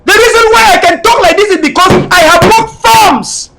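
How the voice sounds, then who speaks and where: A middle-aged man with a Cameroonian English accent, giving an impassioned political speech, fiery and often shouting. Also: very high voice, moderate pace, vocal fry, heavy background noise. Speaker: political leader.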